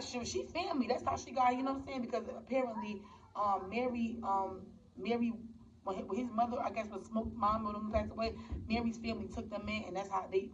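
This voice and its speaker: A woman casually recapping a movie at home for her viewers, rambling with many restarts and talking straight to them. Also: mid-range voice. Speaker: movie reviewer. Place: home with children nearby. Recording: distant, dull mic with faint background noise.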